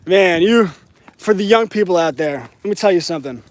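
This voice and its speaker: A man's voice: sits high, lively intonation, fairly quick, dry recording. A man talking to camera while walking his dog outdoors, preaching his views in a repetitive, conversational way with frequent tag questions. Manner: preachy, repeats phrases, frequent "right?". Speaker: channel host. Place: outdoors on a street.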